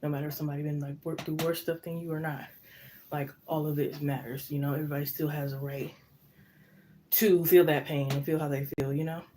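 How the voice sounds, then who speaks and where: A woman's voice: deep voice, level tone, fairly quick, a little hiss or hum. A woman doing a casual live tarot reading, out of breath, chatting to viewers by name. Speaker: tarot reader.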